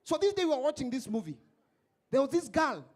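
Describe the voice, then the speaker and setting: A man hosting a stand-up comedy show on stage, animated and mixing English with Swahili. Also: very high-pitched, brisk.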